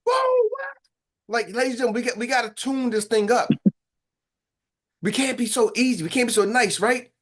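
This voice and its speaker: A man hosting a morning sales-training call as coach, talking in an animated, hyped and slangy way with quick asides. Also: very high-pitched. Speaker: sales coach and show host. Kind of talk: energetic motivational team talk.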